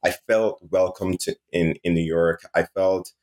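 A man from Saint Martin with a Caribbean accent, talking as a podcast guest in a relaxed, casual way with many fillers and restarts. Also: low-pitched, measured pace. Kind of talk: casual interview chat.

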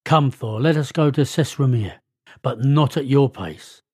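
A man's voice: medium pitch, unhurried, a little mellow, breathy edge, dry recording, clean studio sound. A man reading as a sly trickster god. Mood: calm.

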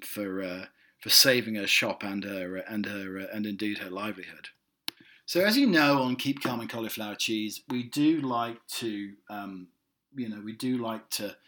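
A man's voice: medium pitch, pushed and bright. A British man hosting a comedy podcast, rambling and self-amused, with many fillers and restarts. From Britain. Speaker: podcast host. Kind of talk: rambling comic chat. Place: in the United States.

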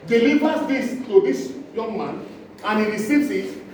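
A male preacher, delivering an impassioned sermon, acting out scenes and swinging from loud cries to low asides. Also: lively intonation, measured pace. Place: church hall. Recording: echoey hall, distant mic, noisy.

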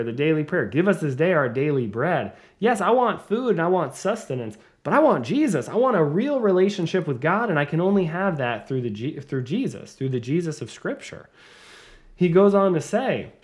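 A man preaching a sermon, earnest, rising to emphatic peaks and then dropping low and soft.

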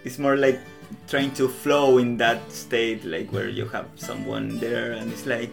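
A young Latin American man, a native Spanish speaker with a Latin American Spanish accent in English, chats as a podcast guest with guitar music in the background. His mid-range, gravelly voice barely moves in pitch and comes at a measured pace with hardly any pauses, though he's hesitant, often restarting sentences and acting out little bits of dialogue in the casual conversation.

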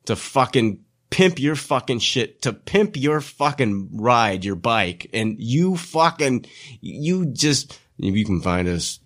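Profane teasing podcast host, lively pitch. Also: male voice, slow pace. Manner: profane, mock-indignant teasing, laughs often. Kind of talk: casual podcast banter.

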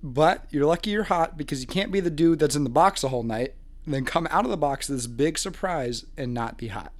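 A man's voice: a little high, expressive, brisk. A man co-hosting a casual chat, joking and laughing as he rants about a dating show. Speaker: podcast co-host.

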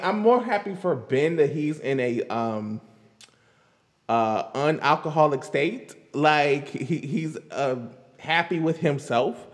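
Recorded in what sounds like a large hall, a commentary vlogger with a voice on the high side riffs casually about pop culture. His tone is sarcastic and exasperated, and laughter keeps breaking through.

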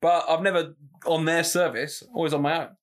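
A man's voice: a little high, a little fast. A man co-hosting a casual podcast, telling stories with lots of giggling, recorded on a studio microphone. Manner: giggly, animated storytelling. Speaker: podcast co-host.

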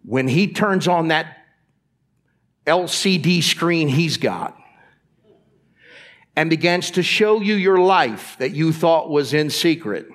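A man's voice: on the high side, animated, slow, pauses often, a bit bright. A man preaching a sermon as pastor in a church, talking straight to the congregation and asking them to answer back. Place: church sanctuary.

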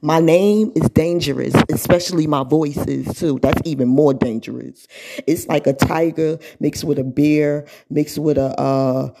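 A woman addresses her viewers in a loose, animated monologue. Her voice sits low and husky with a mellow, dark tone. She laughs often and slips into mocking imitations of what other people will say. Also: measured pace. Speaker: social media influencer.

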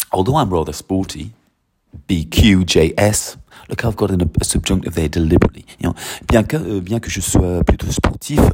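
A man's voice: deep voice, warm tone, husky. A man who teaches French, explaining his methods in a chatty, enthusiastic way and reading French example sentences aloud. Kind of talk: casual explanation to camera.

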